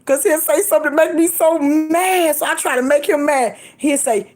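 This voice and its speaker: Woman vlogger, high voice, swooping, emphatic, laughs a lot. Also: moderate pace. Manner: lively and emphatic, laughs often, swoops up and down in pitch. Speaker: faith vlogger. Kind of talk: casual preachy encouragement.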